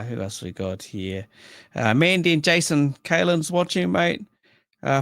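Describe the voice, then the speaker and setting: A man's voice: medium pitch, clear, resonant tone, no echo, studio quality. A man hosting a casual racing chat show, talking in a matey way and reading out viewer comments. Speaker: podcast host.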